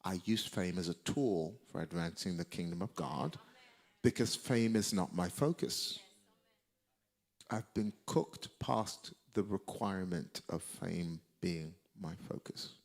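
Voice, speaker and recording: A male preacher delivering a sermon, emphatic and repeating key lines for effect, with a gravelly voice. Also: low voice, slow.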